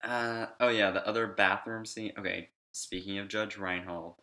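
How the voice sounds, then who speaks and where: A man co-hosts a podcast in relaxed chat, joking about a movie. His voice sits fairly low but has a bright, forward tone. He laughs often and acts out lines. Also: moderate pace. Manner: joking and animated, often laughing and acting out quotes. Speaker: podcast co-host.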